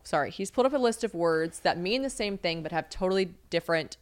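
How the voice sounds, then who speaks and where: A woman's voice: fairly low pitch, animated, fast. A young woman hosting a podcast, chatty and blunt, swearing playfully. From Nashville, USA. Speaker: podcast host. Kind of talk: casual chat.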